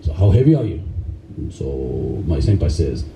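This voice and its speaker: Dark-voiced man telling stories in an echoey hall. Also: lowish voice, moderate pace, a little hiss or hum. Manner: animated, laughing often, acts out the people he quotes. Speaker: karate instructor telling stories at a camp. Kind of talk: storytelling to a live audience. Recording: echoey room, voice far from mic.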